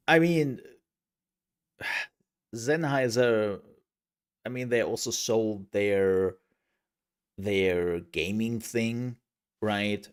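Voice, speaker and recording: A man's voice: on the low side, drawn-out words, pauses often, smooth. A man streaming a game, chatting casually in a rambling, joking way. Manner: rambling and jokey, with restarts and laughs. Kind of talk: casual live-stream chat.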